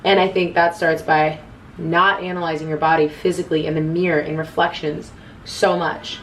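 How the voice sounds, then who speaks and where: A woman's voice: on the low side, far from the mic, a little hiss or hum, low-quality recording. A woman in her twenties giving casual self-love advice to camera, earnest and chatty, often quoting her own inner voice.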